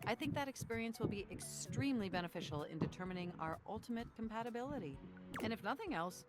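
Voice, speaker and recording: An actress playing a stilted, overly formal female partner, heard over loud game music. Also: medium pitch, expressive, quick pace, natural voice. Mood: cheerfully formal.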